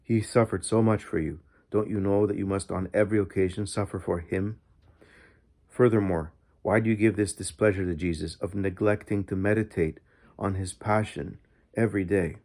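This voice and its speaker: A man reading the lines of a male guardian angel who consoles a girl very gently, in a soft, hushed way. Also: sits low, moderate pace, lightly acted. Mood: gentle.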